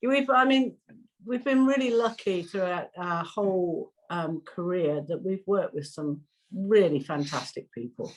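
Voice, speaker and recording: A middle-aged woman, a singer excitedly recounting a memory with frequent laughter. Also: lowish voice, a little slow, low-quality recording. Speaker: singer guest. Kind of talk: casual storytelling.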